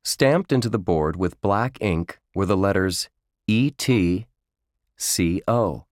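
A man narrating a children's book in a slow, measured storytelling manner. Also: low voice, animated, no room sound, clean studio sound. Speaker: audiobook narrator.

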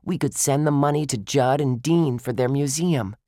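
A man's voice: medium pitch, normal speed, warm tone, no room sound, studio quality, voice pushed up, natural voice. A man voicing a bold, spirited young girl detective who talks hopefully.

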